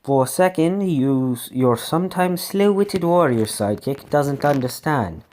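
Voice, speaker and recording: Man reading an adventure gamebook, lively up-and-down voice, stumbling, chatty asides. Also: fairly high pitch, measured pace, a little hiss or hum. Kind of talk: casual read-aloud with asides.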